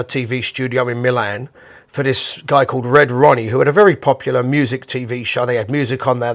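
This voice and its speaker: A man, a bandleader, casually telling a rambling, animated anecdote with the odd chuckle. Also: medium pitch, vocal fry.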